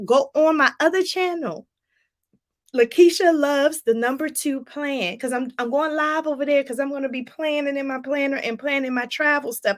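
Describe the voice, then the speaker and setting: High-voiced emphatic woman life coach. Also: normal speed, fairly bright tone. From Washington, D.C. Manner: emphatic, repeats phrases, talks straight to viewers. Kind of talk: motivational vlog talk.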